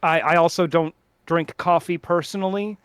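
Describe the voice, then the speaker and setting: A man's voice: a little high, steady tone, moderate pace, clear, resonant tone, no echo, clean studio sound. Rambling man on a podcast. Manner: rambling, many restarts and fillers. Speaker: podcast co-host. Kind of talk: casual chat among friends.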